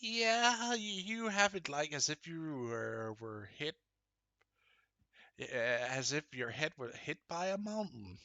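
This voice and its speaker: A young man narrating as game master of a tabletop game, halting and full of fillers. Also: fairly high pitch, very animated, pushed and bright, dry recording. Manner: halting, lots of fillers and restarts.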